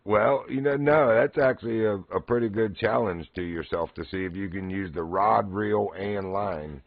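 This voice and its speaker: A man's voice: fairly low pitch, moderate pace, vocal fry, no echo. A middle-aged man streaming a fishing game, telling stories in easy casual chat and laughing often. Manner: laughs often, easygoing storytelling. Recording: muffled lo-fi stream audio.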